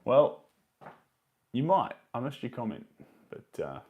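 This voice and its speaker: A man's voice: mid-range voice, huge pitch swings, slow, narrow, tinny audio. A man, chatting casually to his live stream viewers while he paints, muttering to himself between remarks.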